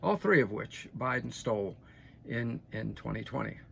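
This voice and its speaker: Gravelly older man giving emphatic commentary. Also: mid-range voice, animated, moderate pace, a bit bright, a little hiss or hum. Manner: folksy, emphatic, frequent restarts and "okay?" asides. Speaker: political commentator. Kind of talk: opinionated news commentary.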